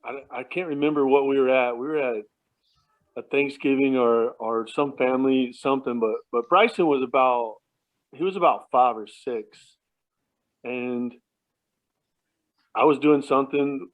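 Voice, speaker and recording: Male, mid-pitched, rambling phone-call storyteller with frequent chuckles; thin, phone-like audio. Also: a little slow, pauses often. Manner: rambling, chuckles often, many restarts. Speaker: relative sharing memories at a family remembrance. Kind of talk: casual anecdotal storytelling. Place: at home at night. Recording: tinny phone line.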